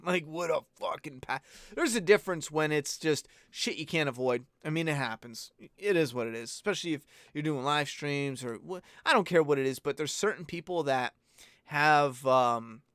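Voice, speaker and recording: A man with a somewhat high voice and a dry, close sound, chatting casually as he answers viewers' questions. He rambles, swears freely and gives blunt opinions. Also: moderate pace, a bit bright, no room sound. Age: adult parent. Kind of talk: casual live-stream Q&A chat.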